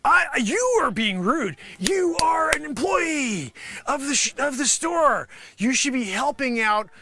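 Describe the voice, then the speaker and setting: A man's voice: very high-pitched, big pitch swings, unhurried. A man doing an improvised comedic rant, exasperated and rambling. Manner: exasperated, rambling, repeats "freaking". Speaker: comedy performer.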